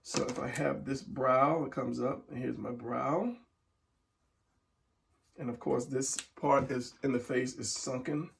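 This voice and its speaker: A man's voice: medium pitch, steady tone, measured pace, creaky, a bit bright, far from the mic, slight background noise. A middle-aged man teaching a casual drawing tutorial, talking while he draws and trailing off into murmurs. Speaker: drawing instructor.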